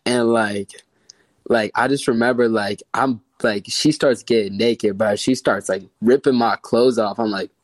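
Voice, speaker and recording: A young man tells a wild personal story in loose, slangy chat, laughing as he goes. His voice sits at an ordinary pitch and is recorded dry and close, with no room sound. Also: fairly even intonation, unhurried, no room sound. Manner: slangy, laughing, says bro a lot. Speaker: guest storyteller.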